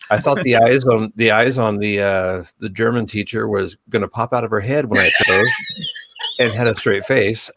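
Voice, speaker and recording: A man on a live panel telling a relaxed, self-mocking story. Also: lowish voice. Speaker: panel guest. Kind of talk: casual storytelling.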